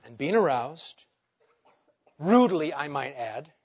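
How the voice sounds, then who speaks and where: A man delivers a sermon in a fairly high voice, swinging from loud bursts to near-hushed lines. He asks his listeners rhetorical questions. The recording sounds a little dull and lo-fi. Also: sing-song, takes it slowly. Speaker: pastor.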